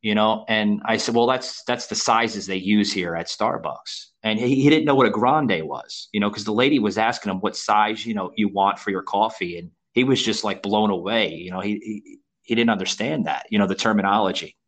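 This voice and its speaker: Man, American accent, podcast host, halting, filler-heavy. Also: lowish voice, fairly bright tone. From Florida. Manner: halting, many repeats and "you know". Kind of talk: casual interview chat.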